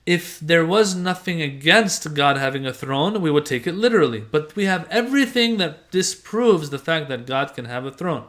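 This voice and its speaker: A man's voice: fairly high pitch, animated, moderate pace, few pauses, fairly bright tone. A man teaching religious doctrine, reading passages aloud and explaining them in a conversational way with everyday examples. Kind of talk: explaining a doctrine text to a class.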